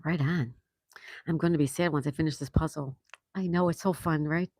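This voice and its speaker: A woman's voice: low voice, steady tone, brisk, a little mellow, dry recording. A woman hosting a livestream, chatting casually and greeting viewers by name as she reads their comments aloud. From Florida. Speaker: livestream host.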